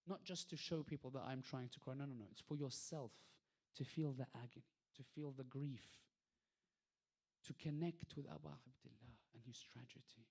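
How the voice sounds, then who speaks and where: A male lecturer delivering a religious talk, posing rhetorical questions and swinging between soft passages and emphatic peaks. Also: medium pitch, moderate pace, vocal fry, breathy edge. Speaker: lecturer at an Islamic centre.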